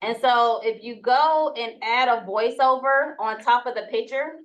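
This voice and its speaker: A woman's voice: on the high side, unhurried, lo-fi sound. A woman with a Southern US accent giving a casual how-to talk to a group, with many fillers. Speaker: presenter.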